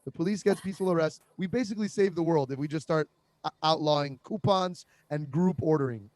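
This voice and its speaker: High-voiced young man telling deadpan jokes. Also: fairly quick, no echo. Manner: conversational, deadpan absurd jokes with frequent fillers. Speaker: comedian. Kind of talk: stand-up style comic monologue.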